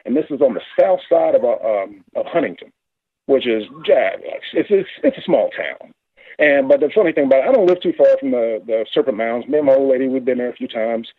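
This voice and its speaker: A man calling in to a radio talk show, telling his story in a rambling, halting, excited way. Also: mid-range voice, husky, no room sound. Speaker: caller. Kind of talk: casual phone-in story. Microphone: phone. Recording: tinny phone line.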